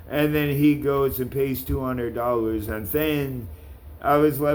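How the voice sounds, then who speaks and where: A man's voice: medium pitch, steady tone, unhurried, darkish tone. A man ranting to camera in a vlog, calling out people by name, with blunt, profane talk. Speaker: vlogger.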